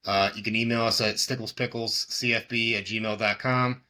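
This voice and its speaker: A man's voice: lowish voice, fairly even intonation, slow pace, sharp tone. A man co-hosting a sports betting podcast, talking loosely and rambling, with casual swearing. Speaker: podcast co-host.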